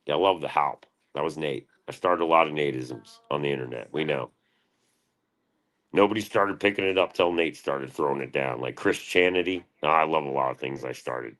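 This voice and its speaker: A man's voice: a bass voice, fast talker, a bit bright. A man in his thirties chatting casually on a livestream, rambling and swearing freely as he talks. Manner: crude, profane and rambling.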